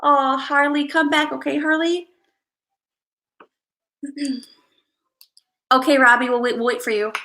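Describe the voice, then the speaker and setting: A woman with a bright, forceful voice that sits a little high, chatting casually on a livestream. She rambles, restarts her thoughts and calls out viewers by name as she goes. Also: fairly even intonation, measured pace, long pauses, poor audio. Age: adult parent. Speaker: livestream host.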